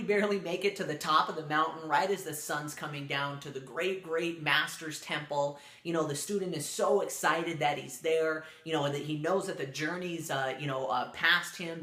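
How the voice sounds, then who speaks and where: A man's voice: fairly high pitch, fairly even intonation, moderate pace, hardly any pauses, bright, forceful tone. Man telling a story in an echoey room. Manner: loose and rambling, many fillers and restarts. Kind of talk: casual spoken storytelling.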